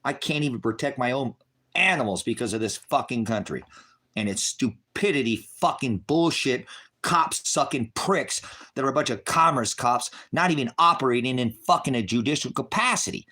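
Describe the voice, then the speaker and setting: Middle-aged guy going off on a furious rant, swears nonstop, yells then drops to a mutter, mid-pitch voice. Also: expressive, normal speed. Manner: heavy cursing, bitter and raging; swings from shouting to low muttering. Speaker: online ministry broadcaster. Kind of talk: angry unscripted rant to viewers.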